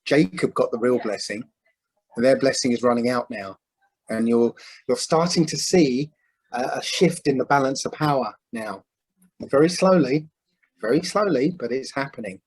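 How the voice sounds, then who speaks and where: Halting man with many ums. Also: mid-range voice, low-quality recording. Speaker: panel speaker. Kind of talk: religious discussion.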